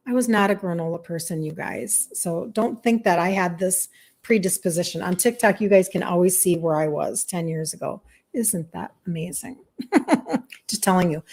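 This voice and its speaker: A woman in her fifties, a health coach, talking to viewers in a chatty, emphatic way and laughing often. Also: medium pitch. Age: 50s. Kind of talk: casual monologue to viewers.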